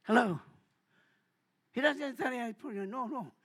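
A man preaching a sermon in church, repeating hallelujah between phrases and swinging from hushed asides to shouted calls. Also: very high-pitched, a little slow. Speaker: pastor.

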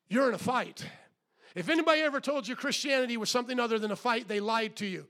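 A middle-aged man preaching a sermon in a church, swinging from hushed, low delivery to loud shouted exhortation and asking the congregation questions. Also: fast talker. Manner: acts out quoted voices, asks the congregation questions. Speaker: pastor.

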